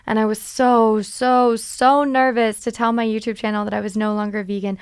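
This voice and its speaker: Woman, 20s, podcast host; smooth, resonant voice, dry close sound, candid confessional delivery. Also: a little high, moderate pace, dry recording. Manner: animated, confessional, laughs at herself. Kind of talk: candid solo podcast talk.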